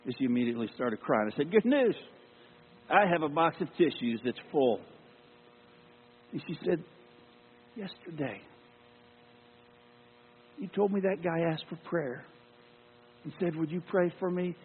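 A man's voice: a little high, lively intonation, measured pace, pauses often. A man preaching a sermon, telling a personal story and acting out the dialogue in it with earnest feeling. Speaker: lay preacher. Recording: tinny phone-like sound with long hall reverb and mains hum.

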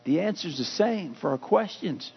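A man's voice: high voice, animated, creaky, husky. Man, pastor, sermon, folksy storytelling, muffled recording, long church reverb. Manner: folksy storytelling, reads scripture slowly. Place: church sanctuary.

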